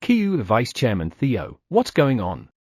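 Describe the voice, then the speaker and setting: A man's voice: medium pitch, wildly swooping pitch, a little slow, darkish tone, no echo, studio quality. A man voicing a grumpy sleepy wizard woman. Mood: annoyed. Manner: drowsy and annoyed. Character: sleepy, irritable female destructive wizard. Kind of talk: audiobook character voice.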